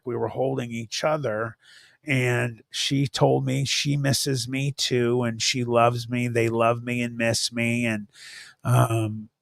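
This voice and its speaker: Slow, gravelly man telling a story. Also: mid-range voice, fairly bright tone, dry recording, studio quality. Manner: slow, earnest storytelling with many fillers. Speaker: host. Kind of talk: casual live-stream talk.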